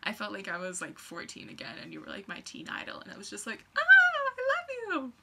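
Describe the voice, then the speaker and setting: A woman's voice: fairly low pitch, fast talker, vocal fry, pushed and bright, husky. A young woman rambling in a casual vlog, gushing and scattered, full of fillers. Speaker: vlogger.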